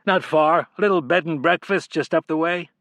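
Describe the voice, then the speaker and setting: A man's voice: a little high, moderate pace, fairly bright tone, no room sound, voice pushed up. A man voicing a tense, guarded male cyclist.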